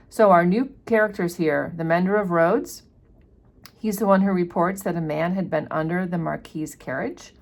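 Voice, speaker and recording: A woman hosting a book channel, giving a casual, explanatory chapter summary with fillers. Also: on the low side.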